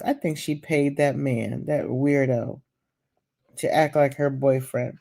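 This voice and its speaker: A woman's voice: low-pitched, steady tone, slow pace, dark tone. A woman giving chatty, gossipy commentary in a home vlog at night, full of fillers and fond asides. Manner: chatty and gossipy, with many fillers and endearments like "child" and "baby". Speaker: vlogger.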